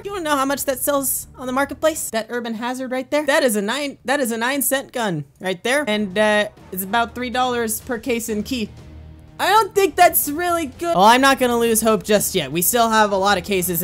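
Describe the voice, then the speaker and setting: A woman with a fairly high voice gives fast, excitable gameplay commentary, joking and bursting into squeals and shouts at near-misses. Faint music plays behind her. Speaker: gaming video creator.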